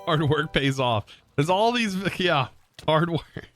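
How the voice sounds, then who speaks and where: A young man livestreaming a game, his voice lively and swooping as he exclaims and thanks chat. He talks slowly, fairly high for a man, with light music behind him. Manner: excitable, exclaiming, thanks viewers. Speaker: livestream host. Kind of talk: live gameplay streaming.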